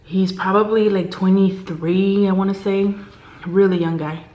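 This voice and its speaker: A woman's voice: mid-range voice, moderate pace. A woman vlogger casually telling a story from work, acting out what people said to her. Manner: chatty, animated quoting of others; drops to a hushed whisper at tense moments. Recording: echoey room.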